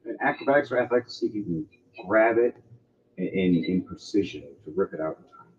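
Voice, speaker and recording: A man narrating as game master of a tabletop game, lively and full of sound effects. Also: sits low, fast, muffled recording.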